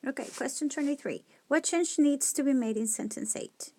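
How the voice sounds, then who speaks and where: A woman's voice: sits high, normal speed, a little mellow, no echo. A woman teacher working through grammar test questions aloud, rereading sentences and correcting herself as she reasons. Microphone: screen-recording mic on a tablet.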